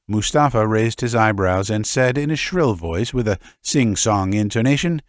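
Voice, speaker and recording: A man narrating a classic short story audiobook in an unhurried, even manner. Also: fairly low pitch, dry recording, studio quality. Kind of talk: scripted narration.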